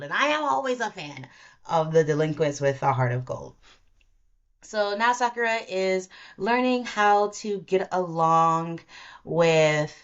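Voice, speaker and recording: A woman hosting a podcast, talking in a chatty, rambling way and often interrupting herself. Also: lowish voice. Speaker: podcast host. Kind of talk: casual solo commentary. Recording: slightly dull lo-fi recording.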